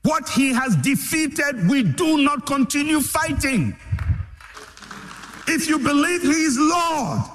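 A pastor preaching with fervor, his voice set very high for a man. He swings his pitch widely, repeats his points, and drives them home with loud, emphatic declarations. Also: lively intonation, takes it slowly, a little hiss or hum. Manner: impassioned preaching, repeating phrases and building to shouts. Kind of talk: sermon.

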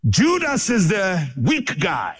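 A man delivers a sermon in a measured, unhurried way, stacking repeated phrases for dramatic effect. His voice sits fairly high and rises and falls with wide, lively swings as he drives each point home. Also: breathy edge. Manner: dramatic, emphatic preaching with repetition. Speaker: preacher.

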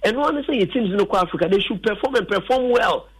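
A man's voice: sits high, lively intonation, fairly quick, fairly bright tone, breathy edge, low-quality recording. A man with a Ghanaian accent talking football as a radio pundit, emphatic and sliding between English and a local language. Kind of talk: radio sports talk.

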